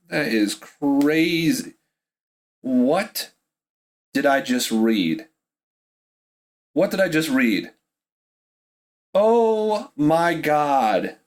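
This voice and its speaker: A man with a Pittsburgh accent hosting a podcast, reacting live to a football draft, swinging between disbelief and ranting while drinking beer. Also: a little high. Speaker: podcast host.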